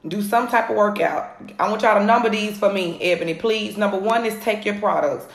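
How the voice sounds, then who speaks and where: A woman, coaching viewers on a live phone video from home, energetic and repeating her points. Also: medium pitch, a little fast. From Atlanta area, US. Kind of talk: live social media coaching. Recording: roomy phone recording.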